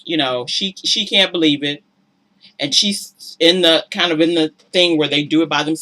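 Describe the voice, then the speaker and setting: Animated woman with a bright voice. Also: low voice. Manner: animated, incredulous, rising to exasperated outbursts. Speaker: reality TV commentator. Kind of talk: casual vlog commentary.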